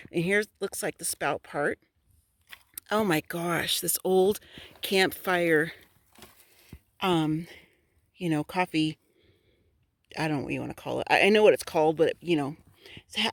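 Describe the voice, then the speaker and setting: A woman vlogging outdoors in bright sun on a phone she holds in one hand, gushing with excitement as she talks her viewers through it. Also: lowish voice, no echo. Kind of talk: casual vlog while digging outdoors. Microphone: phone held in one hand.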